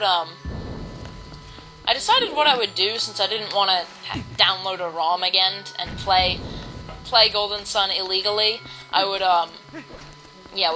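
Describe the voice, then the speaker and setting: A woman's voice: mid-range voice, sharp tone, low-quality recording. Chatty woman rambling over game music. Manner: chatty, rambling, many ums and restarts. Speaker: let's play host. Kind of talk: casual gameplay commentary.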